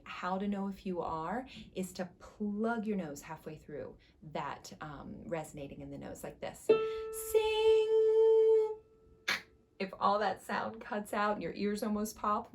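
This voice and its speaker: A woman voice teacher giving an instructional singing lesson, guiding step by step with encouragement. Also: mid-range voice.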